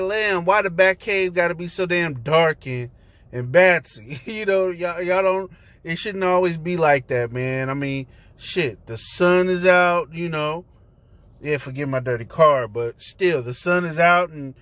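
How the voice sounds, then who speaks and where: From inside his car, a man hosts his own talk vlog, making his point in a loose, conversational style full of slang and fillers. His voice is on the high side and fairly bright, with no echo.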